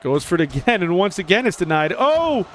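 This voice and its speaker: A man calling a video game wrestling match play-by-play, his voice a little higher than most men's. He is excitable and jumps up sharply in pitch when a big move lands. A faint hiss of background noise sits under the recording. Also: quick pace. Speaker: play-by-play commentator.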